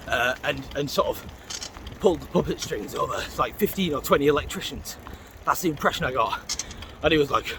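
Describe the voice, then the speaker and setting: A man rambles through a story while out on a bike, swearing freely and nodding hellos to people he passes. His voice sits a little high for a man, and a faint hum of the outdoors runs underneath. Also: moderate pace. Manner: greets passers-by mid-sentence. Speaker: vlogger. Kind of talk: casual storytelling while cycling. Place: outdoors on a canal towpath, riding a bike.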